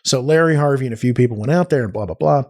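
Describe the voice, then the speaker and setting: Brief: male guest, mid-pitched, chatty and animated storyteller who acts out quotes. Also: very fast. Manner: animated storyteller, frequent restarts and acted-out quotes. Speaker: podcast guest, arts nonprofit cofounder. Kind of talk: casual conversational storytelling.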